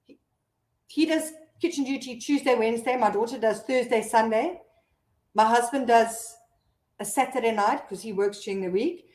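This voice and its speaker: A woman's voice: a little high, moderate pace, darkish tone, reverberant. A South African woman hosting a casual live stream, chatting and laughing as she reads out viewer comments.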